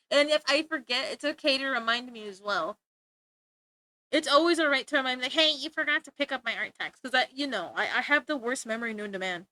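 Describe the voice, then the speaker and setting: Bubbly high-voiced woman streamer. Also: bright, forceful tone, no echo. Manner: bubbly, laughs often, talks to chat. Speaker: art streamer. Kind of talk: casual livestream chat.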